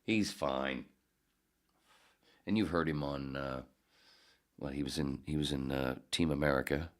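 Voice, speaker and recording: A man's voice: very deep voice, measured pace. A man in his fifties, a podcast host and former radio producer, tells rambling stories in a profane, digressive way, often correcting himself. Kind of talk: casual rambling storytelling.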